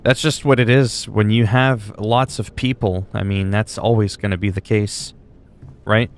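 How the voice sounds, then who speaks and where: A man's voice: on the low side, steady tone, measured pace. A man chatting casually on a game livestream, rambling and swearing freely. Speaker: game streamer.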